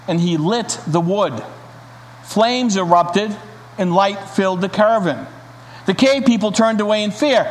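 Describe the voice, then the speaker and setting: A man's voice: high-pitched, measured pace. A man preaching a sermon and reading a story aloud, in an earnest, emphatic manner. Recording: reverberant hall, faint hiss.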